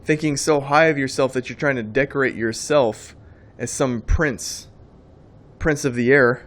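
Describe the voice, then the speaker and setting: A man preaches in a plain, mid-pitched voice. He talks emphatically and loosely, circling back and repeating phrases as he builds his point. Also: fairly even intonation, moderate pace. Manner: emphatic, rambling, repeats words. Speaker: Christian speaker. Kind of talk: preaching monologue.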